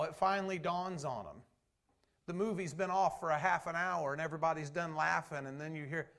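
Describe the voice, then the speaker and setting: A man's voice: on the high side, fairly quick, vocal fry, a bit bright. A man preaching a sermon from the pulpit, talking conversationally and acting out quoted lines. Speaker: pastor.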